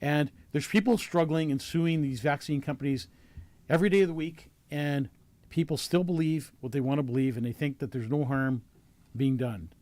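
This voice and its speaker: A man's voice: fairly high pitch, normal speed, darkish tone, no room sound. A man hosting a talk show, asking earnest questions with many fillers and restarts. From Canada. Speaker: show host. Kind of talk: casual talk show discussion.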